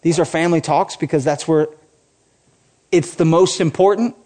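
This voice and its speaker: A middle-aged man preaching a sermon in a conversational way, dropping his voice low for quoted lines and rising when animated. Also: moderate pace. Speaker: pastor.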